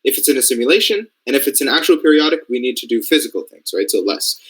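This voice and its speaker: A man's voice: mid-range voice, animated, quick pace, fairly bright tone, poor audio. A young man from Canada teaching a casual coding lesson, thinking aloud and often checking that his listeners follow. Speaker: robotics programming mentor. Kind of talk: screen-share coding lesson.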